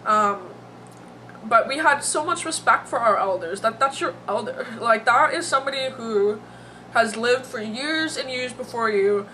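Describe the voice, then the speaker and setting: A woman's voice: on the high side, pushed and bright, slight background noise, low-quality recording. A young woman vlogging to her camera, emotional and teary, rambling with lots of fillers. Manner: emotional, rambling, heavy on "like" and "you know". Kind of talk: casual vlog commentary. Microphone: camera mic.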